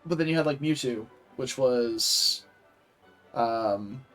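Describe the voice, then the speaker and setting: A man's voice: medium pitch, slow pace, fairly bright tone, soft background music. A man from the Southern US giving casual, rambling gameplay commentary with many fillers and self-corrections. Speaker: streamer playing a game.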